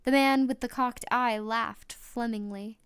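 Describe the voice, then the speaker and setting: A woman narrates a novel aloud in a smooth, clear voice that sits a little high. She reads steadily and stumbles now and then, restarting a word and going on. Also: fairly even intonation, unhurried, fairly bright tone. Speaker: audiobook reader. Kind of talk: storybook narration.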